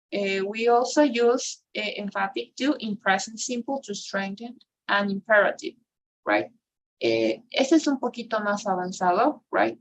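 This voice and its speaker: Bilingual woman teaching English grammar. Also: mid-range voice. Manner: switches between English and Spanish, tags sentences with "right?". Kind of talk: online class explanation.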